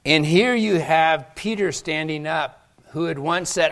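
A man's voice: fairly high pitch, unhurried, fairly bright tone. Guy preaching, dramatic storytelling, does little voices for the quotes. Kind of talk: sermon.

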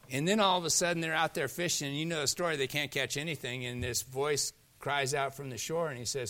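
Bright-voiced animated male preacher. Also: on the high side, fast, hardly any pauses. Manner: animated storytelling preacher, swings between loud emphasis and soft hushed lines. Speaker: pastor. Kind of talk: sermon.

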